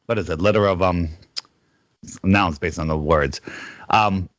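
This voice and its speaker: A man's voice: deep voice, measured pace, fairly bright tone, no echo. A middle-aged man on a casual call-in radio show, telling a rambling story and acting out the lines of the people in it.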